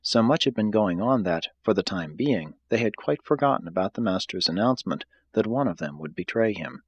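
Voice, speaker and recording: A man reading aloud from a book in a steady, measured way. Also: fairly low pitch, husky, dull audio. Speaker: reader.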